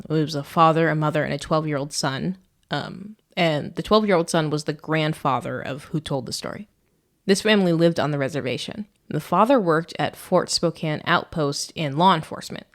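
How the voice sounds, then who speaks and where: Woman, podcast co-host, casual storytelling, low pitch, joking asides.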